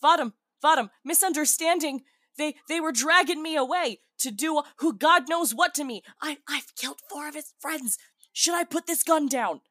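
Woman player, high voice, dry close sound, sounds outraged. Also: normal speed, fairly bright tone, no room sound.

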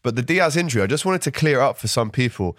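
A man from with a slightly hoarse voice, hosting a casual football podcast and reading out viewer comments. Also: medium pitch, expressive, quick pace, fairly bright tone, dry recording, clean studio sound. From London. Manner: chatty, reads out viewer comments. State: hoarse from a cold. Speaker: host.

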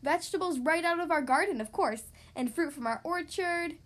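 A woman's voice: very high-pitched, moderate pace, a bit bright. Firm storybook mama bear, read by a woman. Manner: firm and matter-of-fact. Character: firm, no-nonsense mother bear.

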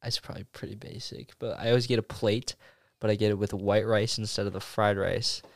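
A man's voice: fairly low pitch, fairly even intonation, brisk, vocal fry, dry recording, studio quality. A young man, a guest on a casual chat, who rambles and fills gaps with "um" and "like". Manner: rambling with many fillers.

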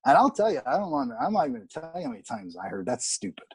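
A middle-aged man from Canada, an actor, telling candid, animated stories about film sets in a casual interview and swearing freely. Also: medium pitch, very fast, slightly rough, no echo. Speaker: actor guest.

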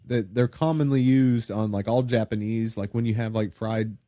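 A man's voice: fairly low pitch, fairly even intonation, normal speed, warm tone. A man co-hosting a podcast in casual chat, rambling and easygoing, often trailing off. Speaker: podcast co-host.

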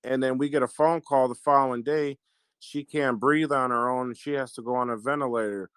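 An earnest man tells a personal story, and his sentences often stall and start again. The recording is dry and close, with no room sound around his mid-pitched voice. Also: fairly even intonation, fairly bright tone, clean tone, no echo. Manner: earnest storytelling with halting restarts. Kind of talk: casual conversation, personal story.

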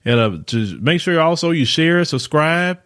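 A man's voice: on the high side, expressive, unhurried, fairly bright tone, smooth. A man hosting a podcast, giving an emphatic opinion monologue with rhetorical questions and repeated words for stress, speaking. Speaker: podcast host.

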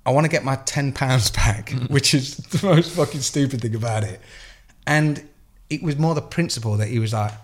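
An English man in his thirties, co-hosting a podcast and telling an animated, profane story in casual chat. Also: medium pitch, moderate pace. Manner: swears a lot, animated storytelling. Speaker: podcast co-host.

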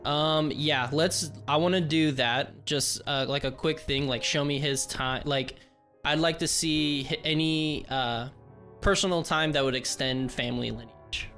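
A man playing a tabletop game, talking casually and hesitantly, quick to laugh. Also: a little high, pushed and bright, faint music behind. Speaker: player.

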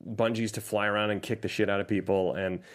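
Talking fast in a voice on the low side, this podcast co-host reviews movies casually, laughing a lot and playing out lines in silly voices with animated energy.

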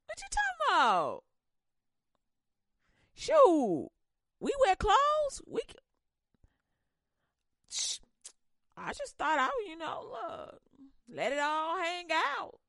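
Woman playing sassy young wife, coaxing, slow drawl, lively pitch. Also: gravelly, dry recording, clean studio sound, full character voice.

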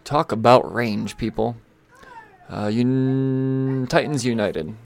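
A man's voice: mid-range voice, takes it slowly, vocal fry. A man hosting a casual rundown of new comic releases, rambling, stalling and swearing as he scrolls through his list. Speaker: comic book shop host.

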